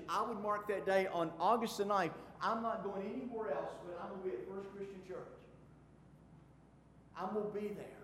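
A man preaching a sermon as pastor, emphatic, swinging from soft asides to loud stressed phrases. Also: high-pitched. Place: church sanctuary. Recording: echoey hall with faint room noise.

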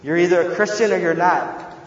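A man preaching a sermon as a pastor, earnest, moving between hushed tones and loud emphasis. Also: high-pitched, brisk. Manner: earnest, shifts from hushed to shouting. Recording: echoey hall, dull and slightly noisy.

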